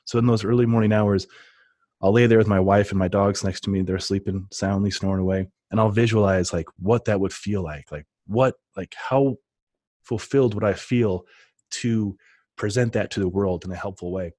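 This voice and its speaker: A man's voice: on the low side, moderate pace, darkish tone, no room sound, clean studio sound. A man telling stories with enthusiasm in a casual podcast chat. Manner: enthusiastic, rambling storyteller.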